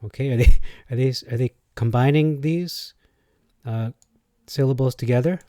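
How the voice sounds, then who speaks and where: A man's voice: mid-range voice, normal speed, dark tone, no room sound, clean studio sound. A man explaining things in a casual spoken video. He thinks aloud and hesitates, and he tries out different pronunciations as he goes.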